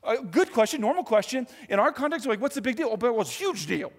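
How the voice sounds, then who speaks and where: A male pastor preaching a sermon in a church, telling the story in an animated, conversational way with asides. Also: extremely high pitch, fast talker. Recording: long hall reverb.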